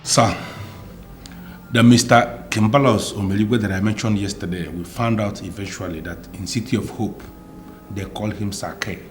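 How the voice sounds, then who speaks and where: A man's voice: lowish voice, fairly even intonation, moderate pace, soft background music, lightly acted. A man with a Nigerian English accent playing a stern police officer who interrogates a witness in formal, threatening tones. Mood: reporting.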